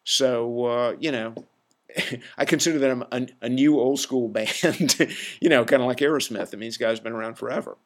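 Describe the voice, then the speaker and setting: A man's voice: mid-range voice, fairly even intonation, moderate pace. A man hosting a podcast alone, giving an opinionated, rambling rant in a casual, self-aware way. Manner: opinionated, ranting, self-deprecating. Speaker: podcast host. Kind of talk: casual solo monologue.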